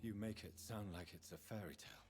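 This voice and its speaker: An actor playing a grave, formal male vampire protagonist in a video game, polite and measured. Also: deep voice, darkish tone, a little hiss or hum, close to an everyday voice.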